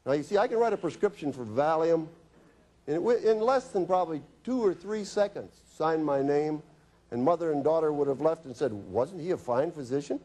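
A middle-aged physician gives a storytelling health lecture, recounting tales from his office with dry humor and quick asides. His voice is dark and mellow with a husky, slightly breathy edge, yet on the high side and animated. He acts out both his patients' lines and his own for laughs.

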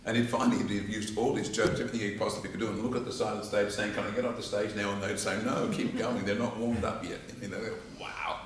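An Australian man teaching public speaking to a live audience, telling stories and acting out quotes in an animated way. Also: on the low side, fast, hardly any pauses, a crowd in the background. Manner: animated storyteller, acts out quotes and laughs along. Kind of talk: informal lecture with demonstrations. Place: church hall with live audience. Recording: echoey hall from far off.

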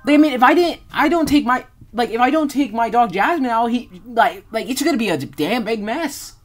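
A high-voiced woman commenting on a game she is playing, her pitch swooping up and down. She rambles and bursts into loud, indignant exclamations. She curses freely. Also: fairly quick, low-quality recording. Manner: excitable and rambling, with sudden loud outbursts and swearing. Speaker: gaming channel host. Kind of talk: live gameplay commentary.

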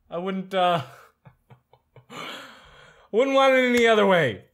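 A man's voice: high voice, expressive, slow pace, long pauses, fairly bright tone. A man giving panicky, joking commentary over a game he is playing. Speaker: gaming YouTuber. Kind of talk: let's play commentary.

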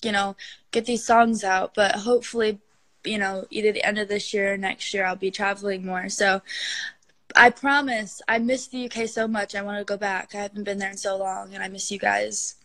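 A woman's voice: medium pitch, steady tone, normal speed, fairly bright tone. A young woman hosting a casual phone livestream, gushing and affectionate with her callers and her pet. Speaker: livestream host.

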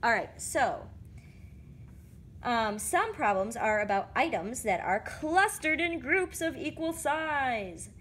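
A woman's voice: high-pitched, expressive, slow pace, a bit bright, a little hiss or hum. A woman casually walking through math word problems, thinking aloud and correcting herself as she goes. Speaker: math explainer. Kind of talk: casual lesson walkthrough.

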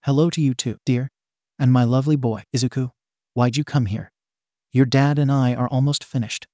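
A man's voice: mid-range voice, fairly even intonation, moderate pace, mellow, no room sound, studio quality, close to an everyday voice. A man voicing a short, playful, loving mother in a storybook reading, teasing in tone.

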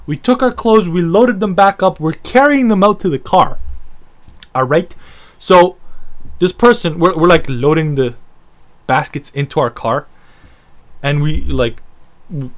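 Sarcastic, profane storytelling man. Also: fairly high pitch. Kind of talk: story-time rant.

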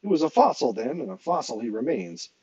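A man reading aloud and voicing a gentle male teacher with a soft, breathy voice. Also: medium pitch, very animated, brisk, dry recording, lo-fi sound. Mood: explaining.

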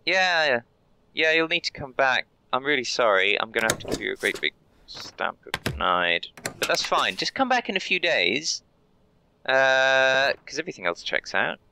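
A man's voice: medium pitch, very animated, normal speed, creaky, noisy background. A young man role-playing a polite, overly cheery border inspector while playing a game, chatting and muttering asides. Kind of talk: role-play let's play commentary.

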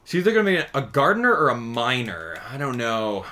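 A man giving casual gameplay commentary as a channel host, chatty and excitable, thinking out loud as he plays. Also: medium pitch, fairly quick.

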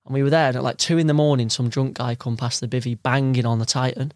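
A man's voice: mid-range voice, steady tone, fast talker, darkish tone, no room sound. Easygoing young man, dry sound. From London. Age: young adult. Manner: easygoing storyteller who acts out quoted people. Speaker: guest angler. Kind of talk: casual podcast chat.

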